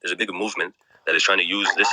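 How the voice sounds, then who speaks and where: A man's voice: deep voice, fairly even intonation, very fast, very noisy. A man in a casual religious discussion, explaining earnestly at length with many restarts. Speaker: discussion participant.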